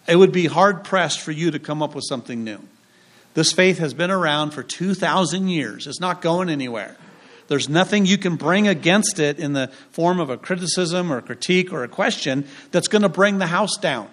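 A man's voice: a little high, a bit bright. A man preaching a sermon as pastor, in a conversational way with jokes and rhetorical questions.

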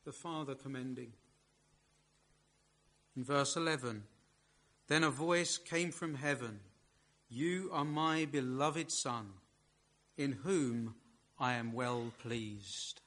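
A man preaching a sermon in a measured, emphatic way, leaning hard on key words. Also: on the high side, a bit bright.

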